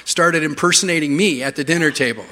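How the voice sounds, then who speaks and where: A man's voice: fairly high pitch, quick pace, long reverb tail, a little hiss or hum. A middle-aged Canadian man preaching a sermon in a church, telling funny stories. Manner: humorous storytelling, lively. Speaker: pastor.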